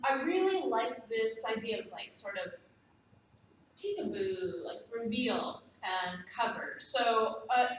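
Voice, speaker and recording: A woman's voice: on the high side, slight background noise. Woman teaching dance in a very echoey room. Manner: gentle, explanatory, counting out moves. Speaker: belly dance instructor. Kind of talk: dance lesson instruction. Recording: very echoey room, distant mic.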